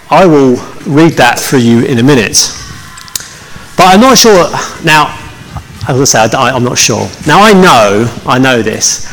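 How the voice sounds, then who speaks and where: A man's voice: medium pitch, fairly bright tone, a little hiss or hum. A man preaching a conversational sermon as pastor, joking with his congregation and often restarting his sentences. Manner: chatty, joking, with many restarts. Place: church hall. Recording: long hall reverb.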